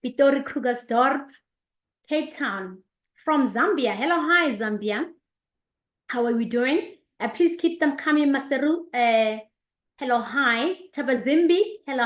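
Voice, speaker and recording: A woman in her thirties hosting an online business session, greeting viewers by name and place with lively enthusiasm. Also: sits high, a little slow. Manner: energetic, repeats greetings, reads out viewers' locations. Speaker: host of an online business presentation. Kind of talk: upbeat live-stream greeting and presentation. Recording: echoey room.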